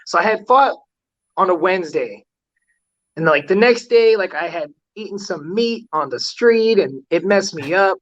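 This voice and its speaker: A man's voice: high voice, animated, normal speed, lo-fi sound. A man, a fighter guest on an interview, telling stories in a rambling way, full of "like" fillers. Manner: rambling, heavy use of "like" fillers. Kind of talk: casual storytelling interview.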